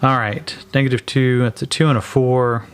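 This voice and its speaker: A man's voice: mid-range voice, steady tone, moderate pace, noisy background. A man narrating and playing a solo tabletop game, calling dice rolls casually and swearing now and then.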